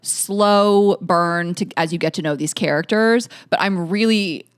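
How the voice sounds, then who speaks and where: A woman's voice: on the low side, a little slow, clean tone, no room sound, clean studio sound. A woman in her thirties co-hosting a podcast, chatting casually and laughing often. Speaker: podcast co-host. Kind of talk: casual chat.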